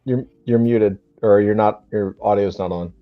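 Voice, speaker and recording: A man's voice: fairly low pitch, no room sound. A man co-hosting a podcast in casual chat, joking and teasing the others. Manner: joking and teasing, quick to laugh. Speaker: podcast co-host. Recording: dull lo-fi audio.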